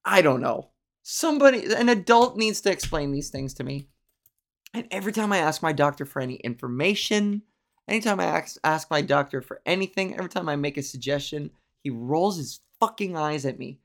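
A woman's voice: sits low, expressive, fairly quick. A young adult woman hosting a solo podcast, rambling and ranting with plenty of swearing in casual monologue. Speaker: podcast host.

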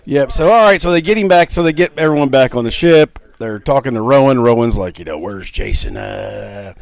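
A man's voice: medium pitch, expressive, clear, resonant tone. Rambling man recapping a movie. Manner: rambling, halting, lots of restarts and fillers. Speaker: podcast co-host. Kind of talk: casual movie recap chat.

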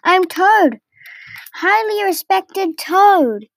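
A woman's voice: high-pitched, a little slow, a bit bright, a little hiss or hum. A woman voicing a vain, boastful male toad in a storybook reading, in a raised, livelier voice. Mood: angry. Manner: conceited, boasting.

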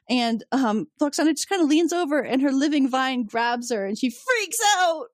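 A woman's voice: high voice, lively intonation, normal speed, hardly any pauses, no echo, clean studio sound. A woman co-hosting a podcast, recapping an episode in casual chat, often giggling and acting out scenes. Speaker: podcast co-host.

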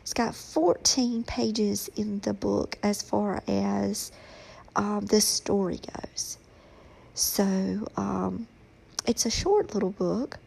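A middle-aged woman talking slowly and reflectively about writing her children's book, pausing often with ums. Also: medium pitch, vocal fry, warm tone, breathy edge, rough recording. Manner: slow, reflective, halting with many ums. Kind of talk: casual personal vlog.

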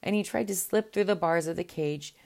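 A woman reading a fairy tale aloud in a gentle, unhurried way, with the odd small restart. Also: lowish voice, gravelly. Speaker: storyteller. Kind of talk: storybook read-aloud.

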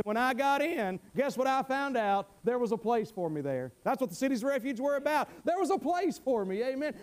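Man, middle-aged, very high-pitched, fervent folksy sermon. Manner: fervent, folksy, repeats words, shouts amen. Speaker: preacher.

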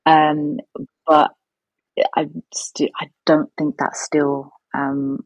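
Woman, young adult, deep voice, breathy texture, halting casual chat with fillers. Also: sing-song, no echo, rough recording. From England. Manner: hesitant, many ums and restarts. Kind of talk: casual conversation.

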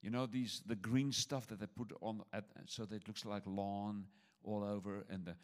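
A man's voice: fairly low pitch, steady tone, normal speed. An older man preaching a sermon to his church, humorous and repetitive, with stammered restarts. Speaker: pastor.

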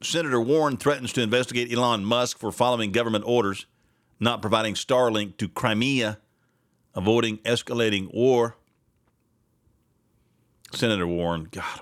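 A man's voice: mid-range voice, a bit bright, dry recording, clean studio sound. A man hosting a casual political commentary podcast, sarcastic and rambling, laughing often. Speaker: podcast host.

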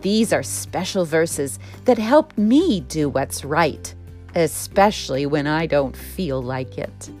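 A woman host narrating a children's story in an expressive storytelling manner. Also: fairly low pitch.

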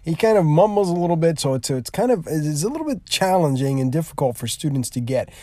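A man's voice: fairly high pitch, sing-song, fast talker, warm tone, dry recording. A male teacher explaining a classroom activity in a rambling way, with many fillers and restarts.

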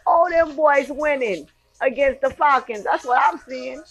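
A woman hosting a casual sports podcast, excitably reading scores and highlights with lots of slang and exclamations. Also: a little slow, soft background music. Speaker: podcast host.

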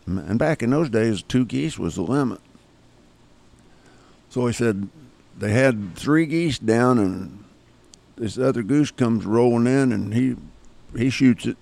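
A man's voice: mid-range voice, expressive, measured pace, a little mellow. A man in his seventies from Kansas, a guest telling folksy hunting stories in casual talk. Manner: folksy yarn-spinning with rough grammar. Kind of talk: casual storytelling.

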